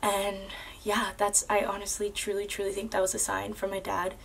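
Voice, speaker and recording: A woman's voice: medium pitch, monotone, normal speed, gravelly, slight background noise. A young woman earnestly telling a personal story to camera, casual and full of "like" and "um". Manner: earnest, with many fillers like "like" and "um".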